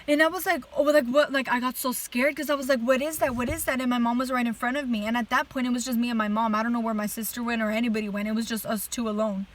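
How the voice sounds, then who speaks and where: A woman telling a dream story straight to camera. Her voice sits a little high, and she talks in an earnest, animated way. She keeps filling her sentences with "like" as she tries to get the details across. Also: rapid-fire, few pauses, rough recording. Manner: chatty, heavy use of "like" fillers. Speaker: person giving a religious testimony.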